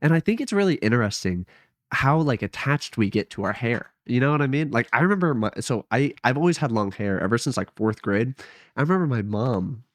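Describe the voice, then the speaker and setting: A young man talks into a headset mic at home, rambling and hesitant, often doubting himself aloud. His voice sits at an ordinary middle pitch. The sound is close and dry with no room echo. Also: animated, a little fast. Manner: rambling, hesitant, self-deprecating. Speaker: vlogger. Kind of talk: casual late-night vlog.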